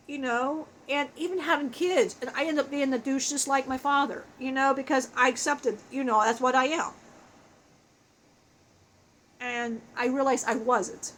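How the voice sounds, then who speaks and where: A woman's voice: sits high, steady tone, moderate pace, fairly bright tone, slight background noise. A woman channeling the spirit of a big, bald dead man who swears, jokes crudely and laughs often. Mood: joking.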